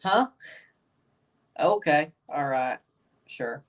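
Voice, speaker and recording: A man's voice: a little high, expressive, drawn-out words, distant mic. A man with a Southern accent streaming live match reactions, chatting with viewers and exclaiming at plays. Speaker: watchalong streamer.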